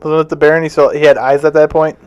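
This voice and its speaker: A man talks about a movie on a podcast in a loose, casual way. He is chatty and jokey, and his voice sits somewhat high for a man. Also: little pitch movement, smooth, dull audio. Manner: chatty, jokey, quick to laugh. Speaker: podcast co-host. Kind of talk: casual movie recap chat.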